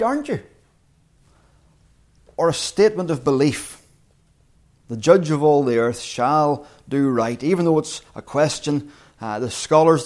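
A man preaching an evening sermon, reflective and measured, slowing down to read scripture aloud. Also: a little high, a little mellow.

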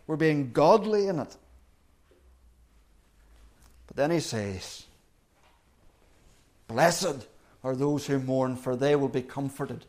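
A man preaching a sermon in an earnest, deliberate way, repeating key phrases for emphasis. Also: fairly high pitch, darkish tone. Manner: earnest, emphatic repetition with slow deliberate pauses.

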